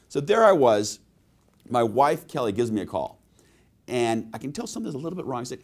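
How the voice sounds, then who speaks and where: A sales trainer giving a webinar presentation, telling stories and asking the audience rhetorical questions. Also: male voice, medium pitch, sing-song, brisk.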